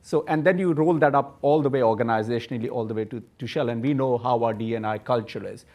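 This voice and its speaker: A man speaking as a corporate executive on a conference panel, earnest and measured, often repeating words as he works toward a point. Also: medium pitch, darkish tone. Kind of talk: panel discussion.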